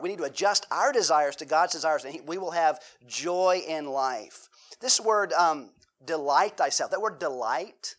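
A man's voice: fairly high pitch, a bit bright. A male pastor preaching a sermon in a conversational way, mixing joking asides with questions to the congregation.

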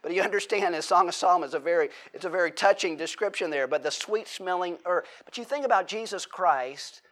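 A middle-aged man delivers a sermon from the pulpit. His voice sits a bit higher than most men's. He talks loosely and conversationally, circling back over his words and dropping in wry asides. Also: fairly quick, a bit bright. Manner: conversational, with self-correcting restarts and joking asides. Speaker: pastor.

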